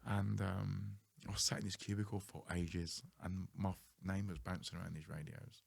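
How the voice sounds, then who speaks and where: A very low-pitched man hosts a podcast. His voice has a gravelly, fried edge, and he tells his stories in a loose, chatty way with the odd casual swear. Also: flat delivery, normal speed. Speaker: podcast host. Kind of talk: casual storytelling chat.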